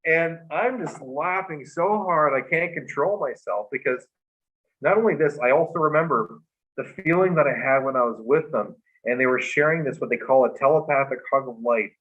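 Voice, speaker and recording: A man, a guest on a livestream talk show, telling a personal story in a halting, earnest way with many restarts, over a video call. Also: fairly high pitch. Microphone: remote video call. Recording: muffled livestream audio.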